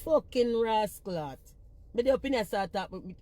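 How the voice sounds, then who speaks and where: Jamaican woman on a phone livestream, profane and blunt, scolding viewers in a mid-pitched voice. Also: lively intonation, moderate pace, mellow, dry recording. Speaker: social media personality.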